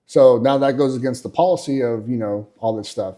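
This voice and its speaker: A man's voice: mid-range voice, brisk, hardly any pauses, warm tone. A man, hosting and telling workplace stories in a blunt, profane, casual monologue full of fillers. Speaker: podcast host.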